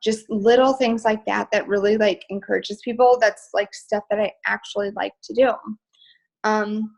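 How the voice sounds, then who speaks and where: A woman talks casually on a live stream, chatty and upbeat, with lots of "like" and "um" fillers. Her pitch sits in a middle range for a woman. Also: fairly even intonation, normal speed, vocal fry, poor audio. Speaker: guest speaker.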